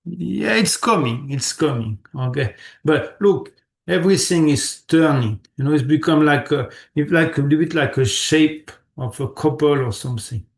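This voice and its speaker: Male meditation teacher, gravelly and slightly high voice, patient coaching with lots of repetition. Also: normal speed. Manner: patient, repeats words, checks students often. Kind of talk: live online class instruction.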